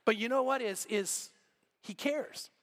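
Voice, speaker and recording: A middle-aged man preaching a sermon, animated in his storytelling and acting out the people in his story. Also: extremely high pitch, measured pace. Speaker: pastor. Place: church.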